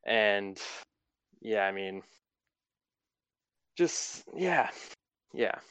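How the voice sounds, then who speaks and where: A young man with a low, smooth voice talks in a casual, fairly monotone way, full of "like" and "um". He rambles through his thoughts as an interview guest. The sound is close and dry. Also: drawn-out words, no room sound. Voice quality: self-described monotone. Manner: rambling, filler-heavy, laid-back. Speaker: eliminated player being interviewed.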